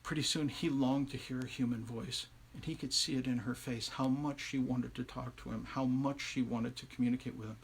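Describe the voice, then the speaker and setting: A man telling a folktale live, conversational and animated, with asides to his listeners. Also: mid-range voice, a little fast, vocal fry, hardly any pauses, a little hiss or hum. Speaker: storyteller. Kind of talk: oral folktale telling on a livestream.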